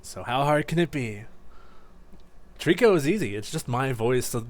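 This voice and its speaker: Guy chatting through a game stream, lively up and down voice, rambly. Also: mid-range voice, moderate pace. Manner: rambling, laughs at himself. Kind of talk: casual let's-play commentary.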